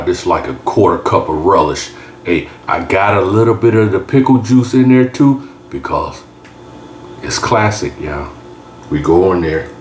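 A very deep-voiced man talks through a recipe in a relaxed drawl, tacking y'all onto most lines. He is recorded in an echoey kitchen with a faint hum of room noise behind him. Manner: laid-back, drawling, keeps saying y'all. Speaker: cooking channel host. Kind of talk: casual cooking tutorial narration. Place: home kitchen.

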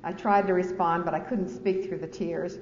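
Woman author, low voice, self-deprecating memoir reading, echoey hall, dull lo-fi recording. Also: steady tone, moderate pace, a little mellow. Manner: candid, self-deprecating, laughs with the audience. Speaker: author and speaker. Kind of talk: reading from her memoir with spoken asides. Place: large lecture hall. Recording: echoey hall, dull lo-fi sound, faint hiss.

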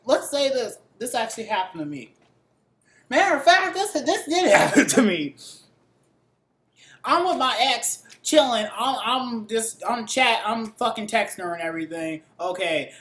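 A man's voice: a little high, a bit bright. Young man ranting profanely in echoey room. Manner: profane, rambling, acts out quoted voices. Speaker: vlogger. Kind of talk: casual ranting monologue.

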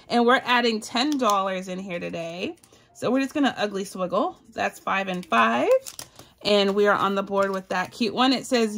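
Bubbly and giggly, this budgeting channel host is a woman from the Southern US with a Southern accent who chats casually with viewers she addresses as "y'all" in her cash budgeting vlog. She speaks at a normal speed in an animated, medium-pitched voice that's a bit bright.

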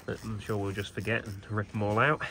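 A man hosting a workshop video, explaining each step in a relaxed, wry way as he works on a big engine. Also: on the low side, fast, crowd noise. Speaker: host mechanic. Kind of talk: casual hands-on workshop commentary. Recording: noisy workshop recording.

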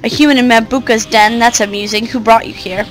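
A woman's voice: on the high side, steady tone, brisk, soft background music, natural voice, poor audio. A woman voicing a haughty, scornful ancient mother of darkness, reading her game dialogue aloud.

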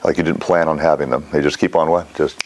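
A man's voice: a bass voice, fast talker, a little hiss or hum. A middle-aged man teaching a mindfulness class in a casual, rambling way, often quizzing his students. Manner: rambling, animated, asks the class questions.

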